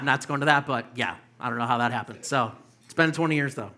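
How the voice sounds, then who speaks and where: A man's voice: mid-range voice, fairly quick, bright, forceful tone, some chatter behind, a little hiss or hum. Rambling man in his fifties doing stand-up. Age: 50s. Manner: loose rambling delivery with frequent fillers and swearing. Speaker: stand-up comedian. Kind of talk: stand-up comedy set. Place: comedy club stage.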